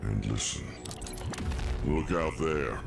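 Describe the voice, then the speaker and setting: An actor playing a menacing man who orders listeners to keep quiet and join him, in an animated show, speaking slowly and commandingly. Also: full character voice. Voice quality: deep and gravelly. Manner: slow and commanding. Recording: echoey with music behind.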